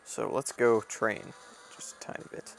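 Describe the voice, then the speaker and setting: A man's voice: fairly low pitch, a little slow, vocal fry, soft background music. A man casually commenting on his own gameplay as a Let's Play host, offhand and mildly grumbling.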